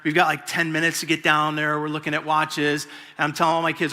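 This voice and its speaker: A man's voice: on the high side, fast talker. A man in his forties, a pastor, telling a personal story in a sermon and acting out the quotes as he goes. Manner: storytelling, animated, acts out quotes. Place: large church hall. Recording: long hall reverb.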